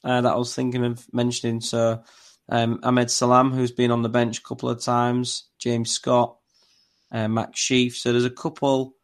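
A man's voice: mid-range voice, completely flat delivery, normal speed. A man co-hosting a podcast, telling casual stories in a rambling way with many fillers. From not from Newcastle. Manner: rambling, filler-heavy storytelling. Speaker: podcast co-host. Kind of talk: casual chat.

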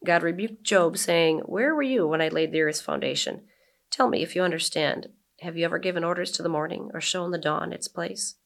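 A woman's voice: lowish voice, brisk, gravelly. A woman in her forties, a guest chatting casually in an interview and then reading her own blog aloud. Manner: relaxed and chatty, reads with emphatic quoted lines. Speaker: guest, blogger and brewery owner.

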